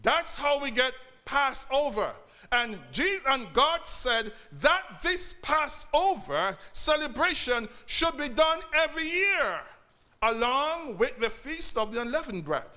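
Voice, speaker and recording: A man's voice: very high voice, very animated, slow, pushed and bright. A man preaching a sermon to his congregation, repeating key phrases and calling out to the church. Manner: preaching with repetition and call-outs to the congregation.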